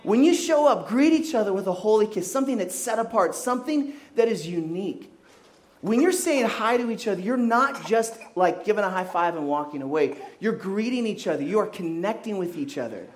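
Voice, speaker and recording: A young man who grew up in Kenya, a youth pastor giving a sermon with animated, joking storytelling. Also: high-pitched, a little fast. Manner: animated storytelling, jokey asides.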